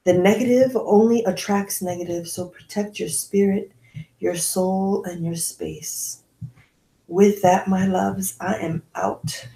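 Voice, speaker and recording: A woman podcast host talking and leading a guided meditation in a soft, slow, affirming way. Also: mid-range voice, steady tone, echoey room, low-quality recording.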